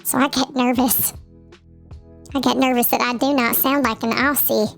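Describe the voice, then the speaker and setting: A woman streaming live and chatting casually with her viewers while gaming, talking in a loose, animated way with many "like" fillers. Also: high-pitched, moderate pace, vocal fry, soft background music.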